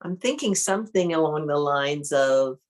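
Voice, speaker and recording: A woman leading an online art workshop, calmly thinking aloud as she demonstrates each step. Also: low voice. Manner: calm, unhurried, thinks aloud while demonstrating. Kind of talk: online interactive workshop teaching.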